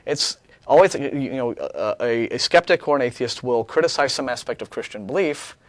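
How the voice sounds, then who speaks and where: A man co-hosting a studio talk show, talking in a sarcastic, animated way, with many restarts. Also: mid-range voice, moderate pace, no room sound. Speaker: co-host. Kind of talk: casual studio discussion.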